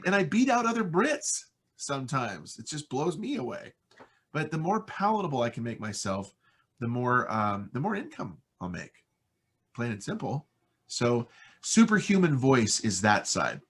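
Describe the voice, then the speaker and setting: A man's voice: mid-range voice, big pitch swings, moderate pace, fairly bright tone, slightly rough. An American man talking casually and enthusiastically in an interview about his voice-over work, rambling with fillers. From United States. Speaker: voice-over artist guest.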